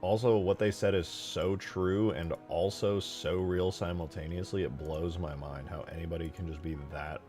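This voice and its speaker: A deep-voiced young man hosting a livestream, rambling and cracking jokes between loose curses. Faint music plays underneath his casual chatter. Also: steady tone, moderate pace, hardly any pauses, a little mellow. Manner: rambling, joking, swears freely. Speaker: livestream host.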